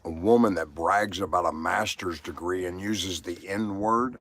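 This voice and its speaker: Rambling Southern man, low voice. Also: a little slow, fairly bright tone, a little hiss or hum. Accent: Southern American. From Southern United States. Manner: crude, rambling storyteller. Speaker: livestream host. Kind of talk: rambling live-stream chat.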